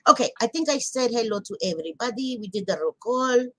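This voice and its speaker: A woman's voice: fairly high pitch, expressive, quick pace, pushed and bright, no room sound. A woman hosting a casual livestream, hyper and profane, greeting viewers with pet names. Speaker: livestream host.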